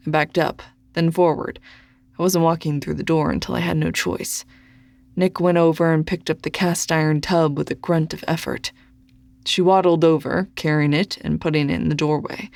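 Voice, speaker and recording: An audiobook narrator reading a first-person story in a measured, deliberate way. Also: mid-range voice, creaky, no echo.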